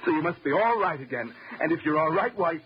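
A man's voice: on the high side, expressive, fast talker, natural voice. A nervous, pleading husband, played by a man in a 1940s radio drama, stammering as he tries to soothe and placate. His voice rises and falls widely. The recording is dull and old, with faint hiss.

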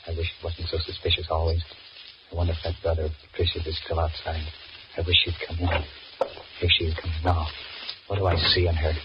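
A jittery, cowardly young husband, voiced by a man with a very low voice, stammering through an anxious inner monologue in 1940s radio style. The recording is dull and lo-fi, with a clear hiss. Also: monotone, fairly quick, natural voice. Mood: worried.

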